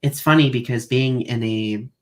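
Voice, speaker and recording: Halting young man hosting a podcast. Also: medium pitch. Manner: halting, with many restarts and "like". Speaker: podcast host. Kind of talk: casual live podcast chat.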